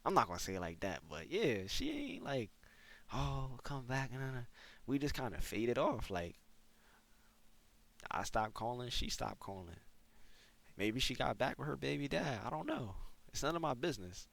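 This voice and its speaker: A man's voice: medium pitch, very animated, moderate pace, vocal fry, fairly bright tone. A young man telling a casual storytime to his viewers in a slangy, laid-back way, saying "bro" again and again. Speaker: gaming storyteller.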